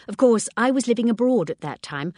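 A woman reading the part of a prim widowed sister who speaks crisply and a little reprovingly. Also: fairly high pitch, expressive, fairly quick, mellow, dry recording, studio quality, voice pushed up. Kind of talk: audiobook character reading.

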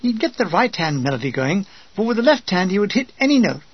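A man reading his own wartime memoir with dry, deadpan comic timing. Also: high voice, fast, husky, dull audio. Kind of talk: comic audiobook narration.

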